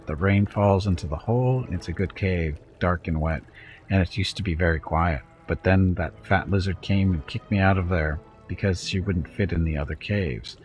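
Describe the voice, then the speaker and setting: A man's voice: low-pitched, moderate pace, darkish tone, soft background music, natural voice. A man voicing a petulant, self-pitying female demon queen who whines and tries to sound flirtatious, with a gurgling, purring voice. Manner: whiny, petulant, falsely flirtatious.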